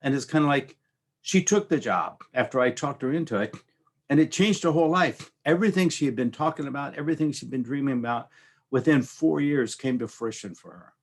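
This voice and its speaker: A man's voice: mid-range voice, a little fast. A man hosting a casual motivational talk, rambling and conversational, often checking in with his listeners. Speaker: host.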